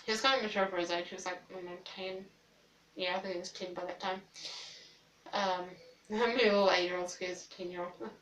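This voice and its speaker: A woman's voice: on the low side, fairly even intonation, a little fast, a bit bright, far from the mic, a little hiss or hum. A woman telling a ghost story in a casual storytime vlog, rambling with lots of "like" fillers and casual swearing. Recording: roomy, a little off-mic.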